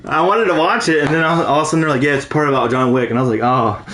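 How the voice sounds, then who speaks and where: A young man with a slightly high voice rants animatedly and swears freely as he co-hosts a casual podcast chat. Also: very fast, echoey room. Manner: animated ranting, heavy swearing. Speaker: podcast co-host.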